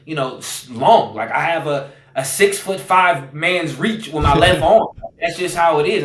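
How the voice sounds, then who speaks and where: A man speaks as a podcast guest, earnest and searching, often repeating phrases and leaning on fillers. His voice sits a little high for a man. The recording carries a noticeable room echo. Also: fairly bright tone. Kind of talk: personal storytelling.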